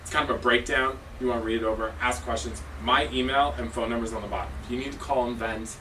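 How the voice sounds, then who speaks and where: A man's voice: medium pitch, fairly even intonation, quick pace, bright, forceful tone. A man, a cheer coach and judge, giving a casual, joking staff training talk in a gym meeting room. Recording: distant mic with noisy background.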